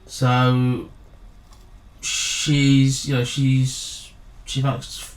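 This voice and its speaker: A man's voice: medium pitch, monotone, drawn-out words. A man co-hosting a podcast, chatting casually and often chiming in with short agreements. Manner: frequent short agreeing interjections. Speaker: podcast co-host. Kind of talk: casual chat. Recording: roomy echo, faint background noise.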